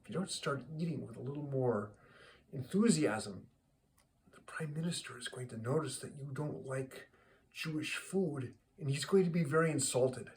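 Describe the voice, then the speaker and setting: A man voicing a male presidential aide who quietly urges and insists. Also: mid-range voice, moderate pace, far from the mic, a little hiss or hum, close to an everyday voice, low-quality recording. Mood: urging.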